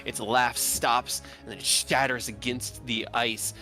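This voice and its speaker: A man narrating as dungeon master of a tabletop game, describing combat in lively detail. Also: medium pitch, a little slow, soft background music.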